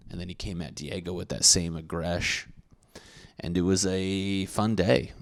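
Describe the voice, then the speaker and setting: A man's voice: sits low, fairly even intonation, moderate pace, vocal fry. A young man hosting a podcast, telling a profane, rambling, self-mocking story in a casual monologue. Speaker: podcast host.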